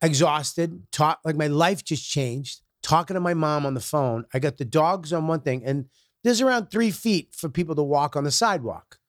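A man who is a comedian guest telling stories in a profane, animated way, acting out quotes. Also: fairly high pitch, moderate pace, no room sound, studio quality. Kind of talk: casual storytelling.

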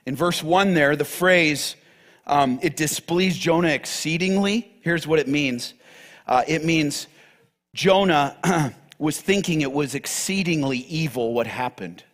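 A man preaching a sermon as pastor, teaching from the Bible with emphatic, animated delivery. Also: a little high, slow pace.

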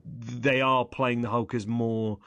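A man's voice: medium pitch, flat delivery, takes it slowly, a bit bright, no room sound. Wry rambling man, dry recording. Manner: rambling, self-correcting, wry. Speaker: podcast co-host. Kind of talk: casual film review chat.

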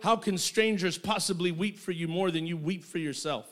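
High-pitched middle-aged man preaching with fire in church. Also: normal speed. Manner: impassioned, building to shouting. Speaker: pastor. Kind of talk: sermon. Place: church sanctuary.

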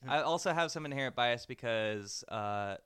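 A man's voice: medium pitch, animated, moderate pace, fairly bright tone, clean tone, no echo, clean studio sound. A man from Southern California, a podcast co-host in a casual film chat, chatty with many filler words.

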